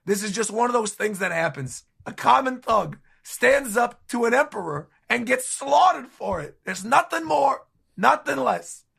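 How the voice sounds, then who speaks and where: A man voicing a rough pirate captain who weeps and shouts desperate pleas. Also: extremely high pitch, animated, moderate pace, voice pushed up, exaggerated voice. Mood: tearful. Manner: loud, tearful, shouting pleas. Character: weeping male pirate captain, rough thug.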